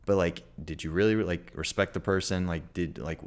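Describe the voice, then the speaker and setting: A man's voice: deep voice, steady tone, moderate pace, clean tone. A young man co-hosting a podcast, chatting casually with slangy phrasing. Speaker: podcast co-host. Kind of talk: casual chat.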